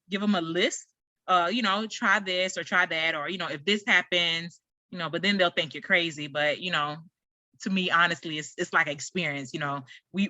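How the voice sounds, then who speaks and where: With a fairly low-pitched voice and no room sound in the recording, a woman from the United States chats casually on her solo podcast. She rambles through an animated story, leaning on frequent fillers.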